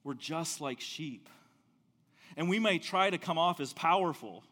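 A man preaching a sermon as pastor, telling stories with big swings between loud and soft. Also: measured pace, long reverb tail. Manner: animated storytelling, big swings in pitch and loudness.

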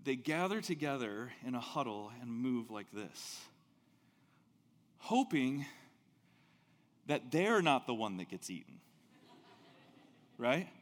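A man preaching a sermon as pastor, telling stories with big swings between loud and soft. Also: slow, long pauses, long reverb tail. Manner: animated storytelling, big swings in pitch and loudness.

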